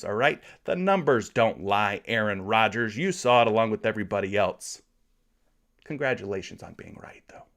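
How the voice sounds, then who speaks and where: A man hosting a sports betting live stream, reading out viewer comments in a relaxed, chatty way and often repeating his phrases. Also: medium pitch.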